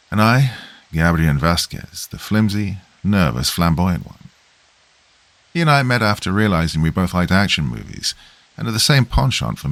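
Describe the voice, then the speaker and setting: A man's voice: deep voice, fairly bright tone, dry recording. A man reading a horror story aloud as a scripted first-person narration.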